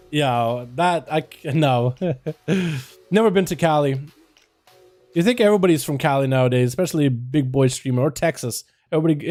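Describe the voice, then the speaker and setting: Young male streamer, high but mellow voice, chatty play-by-play, faint music behind. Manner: casual, chatty, fast play-by-play. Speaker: streamer and game commentator. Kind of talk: live game commentary.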